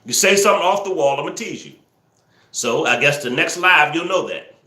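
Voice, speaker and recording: Animated man yelling at his live chat. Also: a little high, moderate pace, roomy sound. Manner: teasing, scolding trolls, yelling excitedly at times. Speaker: livestream host. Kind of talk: casual live-stream commentary, talking to the chat.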